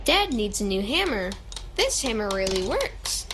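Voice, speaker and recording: A woman reading a children's picture book aloud at a church service, lifting her voice for the child's lines. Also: background noise. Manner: slow, lively storybook reading with high child-like quotes. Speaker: story reader at a church service.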